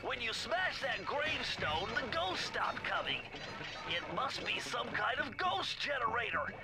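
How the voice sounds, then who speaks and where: A man's voice: extremely high pitch, sing-song, a little slow, heavily acted. An actor voicing a brainy, nerdy male turtle sidekick in a video game, explaining things in a precise, bookish way. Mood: earnest. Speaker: game character. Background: game music.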